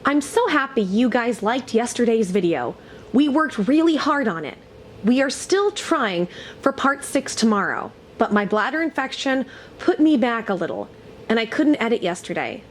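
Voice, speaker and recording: A woman reading social media posts aloud in a flat, read-aloud way during a commentary vlog. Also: on the high side, moderate pace, slight background noise.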